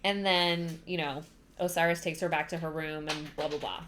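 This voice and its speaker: A woman's voice: deep voice, fairly even intonation, normal speed, a bit bright, slight background noise. A young woman hosting a book podcast, giving a chatty, rambling recap full of fillers. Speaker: podcast host.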